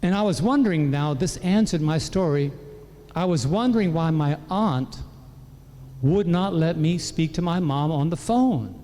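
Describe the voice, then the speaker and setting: A man preaching a personal testimony, telling his story in a lively way and acting out what his relatives said. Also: on the high side, unhurried. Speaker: pastor. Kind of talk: sermon testimony. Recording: echoey hall.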